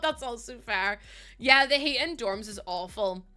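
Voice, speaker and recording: A woman's voice: fairly high pitch, animated, unhurried, bright, forceful tone, smooth, faint music behind. A young woman chatting casually to her live chat as a streamer, laughing often and filling with "like". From United Kingdom.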